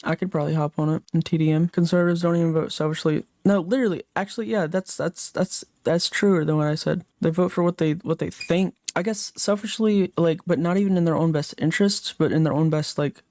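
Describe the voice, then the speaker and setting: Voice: mid-range voice, fairly even intonation, a little fast, few pauses, a little mellow, no room sound, clean studio sound. A young adult livestreamer chatting casually late at night while gaming, rambling and reading chat comments aloud before answering them.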